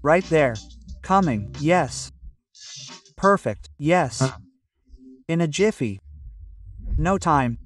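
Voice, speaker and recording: A man's voice: on the high side, lively intonation, extremely slow, long pauses, faint music behind. Man drilling English phrases, a bit distant. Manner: repeats phrases over and over, drilling pronunciation. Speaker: English pronunciation teacher. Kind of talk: phrase-by-phrase language lesson.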